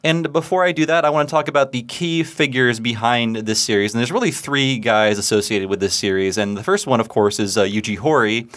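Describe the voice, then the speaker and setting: A man's voice: mid-range voice, fairly quick, hardly any pauses, a bit bright. A man hosting a podcast in casual chat, talking easily with many fillers and frequent laughs. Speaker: podcast host.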